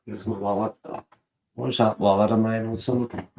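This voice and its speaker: A man's voice: fairly low pitch, flat delivery, normal speed, gravelly, warm tone. A man chatting on a live stream, teasing others crudely and swearing constantly. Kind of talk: casual chat.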